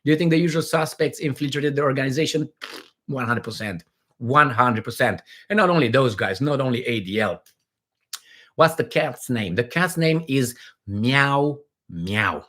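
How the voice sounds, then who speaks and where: A man's voice: medium pitch, animated, normal speed, fairly bright tone. A middle-aged man hosting a casual livestream, rambling and joking as he reads viewer comments aloud, with many fillers and restarts. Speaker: livestream host.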